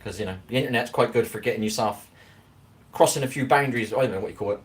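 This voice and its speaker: A man's voice: mid-range voice, fast talker, a little hiss or hum. A man with a Scottish accent chatting loosely on a live stream from his kitchen, rambling and often checking that he is understood. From Scotland. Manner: rambling, keeps asking "do you know what I mean". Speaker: livestreamer. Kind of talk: casual live-stream chat. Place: home kitchen.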